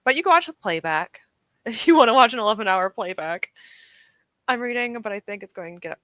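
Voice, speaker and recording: A woman's voice: fairly high pitch, animated, a little fast, fairly bright tone, no room sound. A young woman streaming from home, chatting casually and encouragingly with her live chat, often laughing. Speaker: streamer hosting reading sprints.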